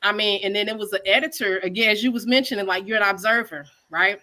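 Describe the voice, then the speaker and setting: A woman chef and business owner from Texas, telling her story in a chatty, animated way on a video call. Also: medium pitch, fast, noisy background. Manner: animated, acts out quotes in a chatty Southern style. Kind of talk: casual storytelling interview.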